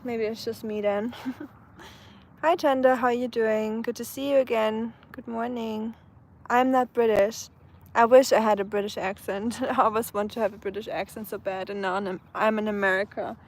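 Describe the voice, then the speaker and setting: Woman with a German accent, slightly high voice, live streamer chatting casually outdoors. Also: fairly even intonation, normal speed. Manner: chatty, answers viewers' comments, frequent fillers and restarts. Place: outdoors on a sunny day.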